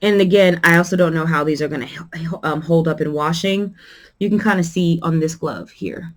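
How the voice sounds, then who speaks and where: A woman hosting a quilting channel who gives a casual product review vlog, rambling and chatty with many pauses and fillers, and shows items to the camera as she talks. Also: sits low.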